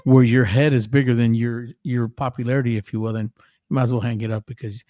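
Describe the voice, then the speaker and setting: A man, a musician guest on a podcast, telling animated stories in casual chat and laughing often. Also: mid-range voice, fast, dry recording, studio quality.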